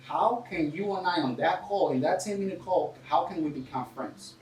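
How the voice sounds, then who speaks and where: Man, foreign accent, non-native English speaker, energetic, coaching, casual slang, slightly high voice, roomy distant recording. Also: normal speed, slight background noise. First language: not English. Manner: energetic, coaching tone, says dude and bro a lot. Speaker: real estate investor guest. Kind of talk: casual podcast interview.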